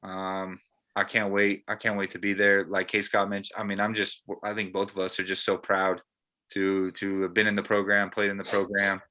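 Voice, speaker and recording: A man's voice: sits low, completely flat delivery, normal speed, bright, forceful tone. A man and former player co-hosting a casual postgame chat, earnest and rambling with lots of fillers.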